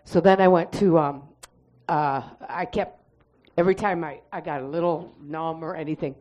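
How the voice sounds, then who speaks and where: A woman giving a testimony and spoken prayer in church, telling her story in a lively way and acting out the voices she quotes. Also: low-pitched, normal speed.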